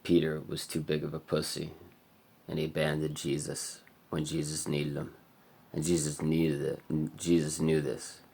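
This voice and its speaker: Man vlogger with a very low, gravelly voice. He talks in a rambling, halting monologue that at times sinks to a murmur. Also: completely flat delivery, mellow. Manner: rambling, halting, heavy on filler "like". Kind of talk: confessional monologue.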